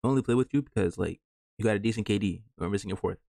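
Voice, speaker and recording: A young man giving slangy, animated reaction commentary into his camera, swinging from mock outrage to high squeals. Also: racing, vocal fry, no echo, studio quality. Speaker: meme video creator.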